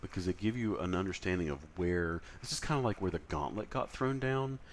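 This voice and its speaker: A man's voice: sits low, brisk, slight background noise. A man lecturing in a conversational way, with frequent fillers and self-corrections. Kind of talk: recorded lecture.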